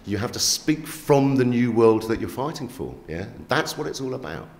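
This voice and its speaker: A man, a magazine editor telling stories in an animated interview, emphatic and streetwise, often checking in with "yeah?" and "right?". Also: medium pitch, normal speed. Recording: echoey room.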